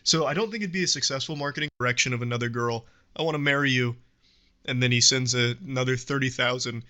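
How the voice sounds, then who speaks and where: A man's voice: medium pitch, fast, bright, forceful tone. A man narrating a commentary video in a dramatic, wry, hyperbolic manner. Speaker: commentary YouTuber.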